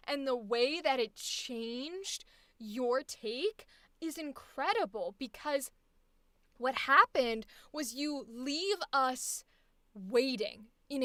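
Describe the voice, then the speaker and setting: Gushing high-voiced woman instructor. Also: fairly bright tone, dry recording. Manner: effusive, gushing, chatty with y'all. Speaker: voice acting workshop instructor. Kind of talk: enthusiastic showcase commentary on a livestream.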